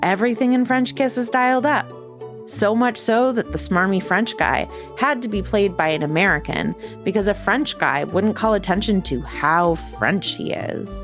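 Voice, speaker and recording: A middle-aged woman hosting a podcast, moving from a scripted intro into playful, wry chat with quick asides. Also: mid-range voice, soft background music. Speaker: podcast host.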